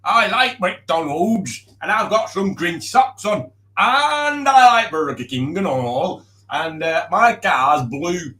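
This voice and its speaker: A man's voice: big pitch swings, slow pace, few pauses, pushed and bright, heavily acted. A man doing a sing-song mocking impression of a friend. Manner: higher, sing-song, exaggerated voice.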